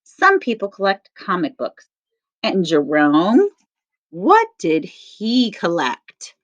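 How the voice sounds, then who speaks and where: A woman teacher reading a picture book aloud to children, stressing each word slowly in a sing-song way. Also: fairly low pitch, wildly swooping pitch. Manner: slow, sing-song emphasis on words. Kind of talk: read-aloud lesson for children. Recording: dull lo-fi sound.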